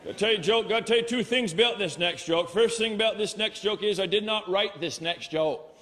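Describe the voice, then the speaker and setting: A male stand-up comic with a rural Vermont accent, telling jokes in a folksy, drawling way with rural grammar. His voice sits fairly high for a man. It rings through a large hall with a long reverb. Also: fairly quick, pushed and bright. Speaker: stand-up comedian. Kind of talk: live stand-up comedy.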